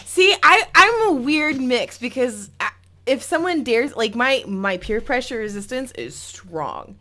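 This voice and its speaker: Woman, podcast chat, slightly high pitch, expressive giggly storytelling. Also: a little slow. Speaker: co-host.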